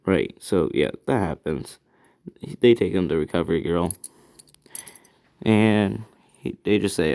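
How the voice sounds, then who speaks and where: A man with a very low voice and a gravelly, creaky edge spins a fan story off the cuff. He rambles casually, pausing to think aloud and backtracking to fix his own details. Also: expressive, darkish tone. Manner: rambling, thinks aloud, corrects himself often.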